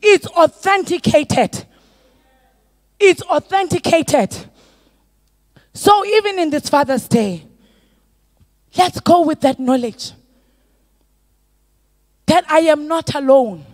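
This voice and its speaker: A middle-aged woman pastor preaching a sermon, moving from soft storytelling to loud, drawn-out exhortation. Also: sits high, dry recording.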